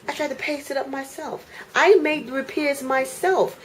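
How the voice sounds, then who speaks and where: A vlogger vents angrily on camera inside her apartment, repeating herself with heated indignation. Her voice is high and her pace moderate, and the recording is low quality.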